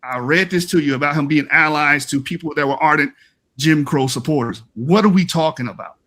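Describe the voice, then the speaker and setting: Man, debate rebuttal, combative and emphatic, taunting tone, slightly high voice. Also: brisk, sharp tone. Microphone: online stream call mic.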